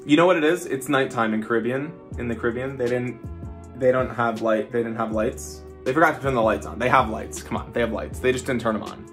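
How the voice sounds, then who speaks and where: A man at an ordinary, middle pitch tours a hotel suite for his vlog, rambling casually. He drops sarcastic jokes and deadpan asides, while soft music plays faintly underneath. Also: a little fast. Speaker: vlogger. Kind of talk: casual vlog room tour.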